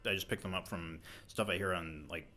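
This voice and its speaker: A man's voice: sits low, fairly even intonation, a little fast, pushed and bright. A young man chatting on a podcast, easygoing and filling his talk with "like". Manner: lots of "like" fillers, easygoing. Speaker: podcast co-host. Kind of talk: casual chat.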